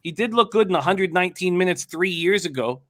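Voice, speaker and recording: A man's voice: sits high, animated, brisk, fairly bright tone. A man hosting a sports betting show, reading off hockey stats and chat comments in casual talk.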